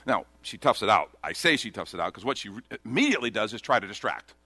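Lively, bright-voiced male preacher. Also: on the low side, fast, no echo. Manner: expressive, conversational preaching with repetition. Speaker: pastor. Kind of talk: sermon.

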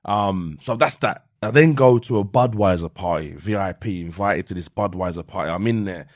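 Guy telling rowdy stories on a podcast, lowish voice, dead dry sound. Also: normal speed, dry recording. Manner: animated storyteller, swears freely. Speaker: guest. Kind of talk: casual podcast chat.

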